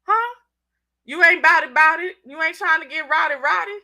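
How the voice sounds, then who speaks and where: A woman's voice: very high-pitched, moderate pace, pitched above the performer's own voice, heavily acted. A woman with a congested cold putting on a brash, confrontational, sassy voice. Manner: loud, sassy, scolding.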